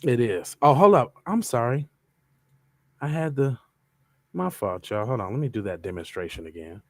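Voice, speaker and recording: A man's voice: medium pitch, animated, normal speed, no echo. A man hosts a podcast and chats casually about merchandise with a loose, playful delivery. His voice sits in a middle register. The room is dry, the sound close. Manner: loose, playful, chanting asides. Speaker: podcast host. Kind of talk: casual merch pitch to viewers.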